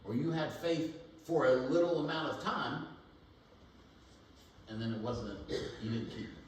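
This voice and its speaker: Conversational preacher in an echoey church. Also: male voice, medium pitch, measured pace, slight background noise. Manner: conversational, thinking aloud with restarts. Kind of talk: sermon. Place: church sanctuary. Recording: echoey church room, mic at a distance.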